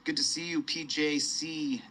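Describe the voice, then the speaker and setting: A man's voice: on the high side, steady tone, a little slow, pushed and bright, poor audio. A man chatting casually on a live stream, rambling, repeating himself and greeting viewers by name. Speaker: livestreamer.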